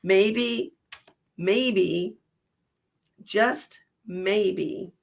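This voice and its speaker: Stuffy woman chatting on a tarot livestream, super gravelly fry voice. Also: medium pitch, extremely slow. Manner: chatty, rambling, laughs at herself. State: stuffy nose from allergies. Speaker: psychic livestream host. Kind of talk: casual livestream chat and tarot reading.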